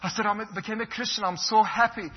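Man, husky and high, giving a fervent testimony on a dull lo-fi recording. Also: fairly even intonation, quick pace. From Iran. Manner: earnest, fervent, preacherly. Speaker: pastor giving his testimony. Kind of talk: impassioned personal testimony.

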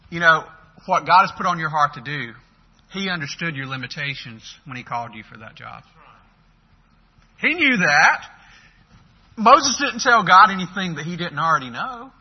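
Man preaching, fairly high voice, emphatic, loud then soft, dull lo-fi sound. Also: very animated, normal speed, breathy edge. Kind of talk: sermon. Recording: dull lo-fi recording.

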